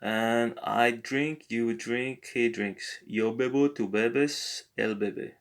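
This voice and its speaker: A man tutoring a language lesson, talking slowly and hesitantly with many filler pauses. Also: mid-range voice, steady tone. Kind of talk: screen-recorded app language lesson.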